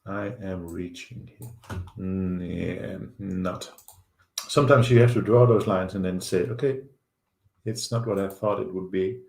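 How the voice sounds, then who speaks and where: A man with a Dutch accent hosting a live stock market show, thinking aloud over charts with halting fillers. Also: deep voice, gravelly, a little mellow, reverberant, slight background noise. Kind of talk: live trading chart commentary.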